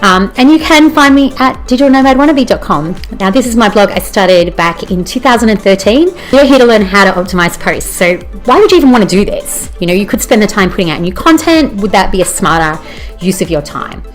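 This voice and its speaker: A woman's voice: medium pitch, animated, a little fast. An Australian woman presents in an upbeat, chatty way, with a mid-range voice. She often stops to check in with her listeners, and a faint bed of music sits underneath her. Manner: enthusiastic, conversational, with frequent "you know" and "okay?" check-ins. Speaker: presenter teaching bloggers. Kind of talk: presentation talk.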